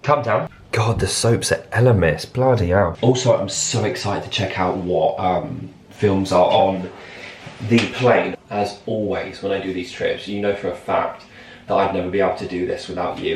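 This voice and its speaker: A man's voice: sits low, fairly even intonation, normal speed, slight background noise. A man vlogging in a chatty storytelling way, acting out lines of dialogue as he tells a story in an airport lounge. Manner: chatty, acts out his own and others' lines in quotes. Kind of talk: casual storytelling to camera. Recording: roomy echo.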